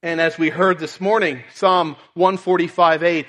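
A man's voice: fairly high pitch, steady tone, moderate pace, few pauses, a bit bright. A man preaching a sermon, earnestly reading and explaining scripture. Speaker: pastor. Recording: long reverb in a large hall.

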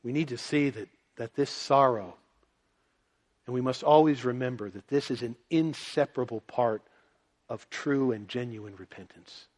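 A man preaching a sermon, moving between quiet, low passages and loud, emphatic ones. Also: normal speed. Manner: dynamic, swings from soft and low to loud and emphatic.

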